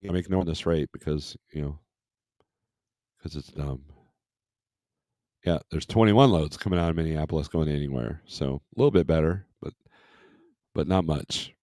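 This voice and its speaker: A man's voice: extremely low pitch, moderate pace, long pauses, warm tone, no room sound, clean studio sound. A man hosting a casual trucking livestream, rambling as he reads load listings aloud and comments on them. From Michigan.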